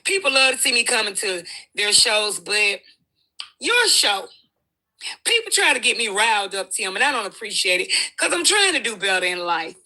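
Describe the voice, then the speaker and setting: A woman's voice: mid-range voice, very animated, moderate pace, pushed and bright. A woman talking as a guest in a livestream chat, brash and sassy, trading insults. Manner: sassy, brash trash talk.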